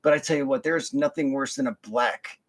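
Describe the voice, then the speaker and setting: A man's voice: mid-range voice, a little fast. A young man telling a work story in a casual, profane, rambling rant full of fillers and restarts. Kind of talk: casual ranting monologue.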